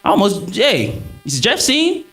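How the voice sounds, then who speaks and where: Lively preaching man on stage. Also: takes it slowly, soft background music, low-quality recording. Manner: lively, swinging pitch, preacherly emphasis. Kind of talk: stage talk on scripture. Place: stage before a live audience.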